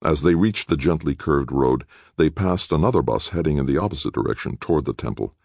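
A man reading a thriller aloud as an audiobook narrator, measured and even. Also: a bass voice, vocal fry, no room sound, studio quality. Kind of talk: scripted narration.

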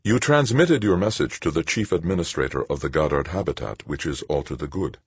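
A man voicing a cool, composed nun who speaks softly and calmly. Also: a bass voice, a little fast, slightly rough, dry recording, exaggerated voice. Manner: soft, calm, coaxing. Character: cool, composed nun, soft-spoken woman.

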